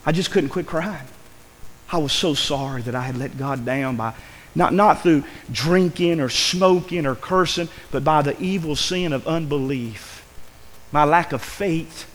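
A man's voice: on the high side, measured pace, big-room sound, rough recording. A man preaching a sermon in a church, earnest and pleading, his voice rising with emotion. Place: church sanctuary.

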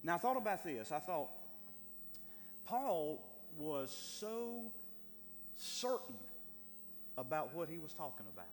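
A man's voice: on the high side, very animated, slow pace, long pauses. A man preaching a sermon, building to emphatic, rising lines with repeated words. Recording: light hum in a reverberant hall.

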